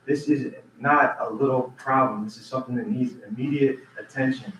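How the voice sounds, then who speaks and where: A man's voice: mid-range voice, fairly even intonation, moderate pace, fairly bright tone, slight background noise. Earnest man pleading in an echoey room. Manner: repeats himself and restarts sentences. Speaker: resident giving public comment. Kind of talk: public comment at a council meeting. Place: council meeting room. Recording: roomy, distant, dull meeting-room audio.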